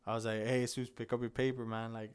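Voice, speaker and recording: A young man chats on a podcast, spinning a loose, rambling story. He laughs often and swears freely. His voice is smooth and resonant, at a middle pitch. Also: level tone, fast. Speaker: podcast co-host. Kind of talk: casual chat.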